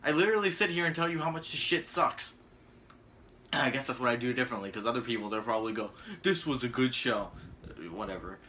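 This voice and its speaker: A young man rants through his own video review in a sarcastic, rambling way, swearing freely. His voice sits in a mid register with a bright, edgy tone. His talk is loose and casual, with many asides. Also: mid-range voice, fast talker, a little hiss or hum. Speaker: channel host, wrestling reviewer.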